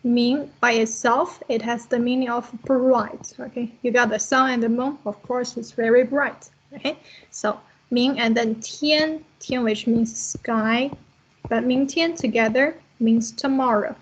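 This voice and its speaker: A woman's voice: a little high, steady tone, a little slow, slightly rough, lo-fi sound. A woman teaching a language class online, explaining patiently step by step over a video call.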